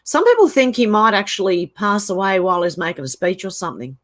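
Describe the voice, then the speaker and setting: A woman's voice: medium pitch, sing-song, brisk, fairly bright tone. Chatty Australian woman reading viewer comments. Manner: chatty and rambling, reacts aloud to comments. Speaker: channel host. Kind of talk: casual livestream chat reading viewer comments.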